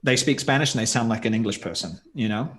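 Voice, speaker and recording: A man's voice: medium pitch, lively intonation, quick pace, a crowd in the background. A man talking in a casual podcast interview as a guest, thoughtful and rambling with many asides.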